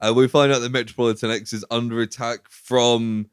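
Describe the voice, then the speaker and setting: A man's voice: mid-range voice, level tone, a little fast, clean tone, dry recording, clean studio sound. A man co-hosting a podcast, enthusiastically recapping a series and laughing often. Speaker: podcast co-host. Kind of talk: casual chat recapping a series.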